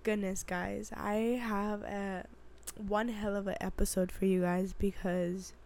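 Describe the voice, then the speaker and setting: A woman hosting her own show in casual chat, hoarse and raspy from illness, chatty and rambling, laughing often and second-guessing herself. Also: medium pitch, flat delivery, slow, darkish tone. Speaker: podcast host.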